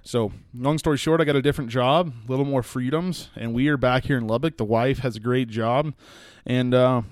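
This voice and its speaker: Young Texan podcast host, folksy and rambling, smooth voice, dry close mic. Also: male voice, medium pitch, a little fast, no room sound. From West Texas. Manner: rambling, folksy storytelling with frequent fillers. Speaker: podcast host and hunting guide. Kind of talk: casual solo podcast monologue.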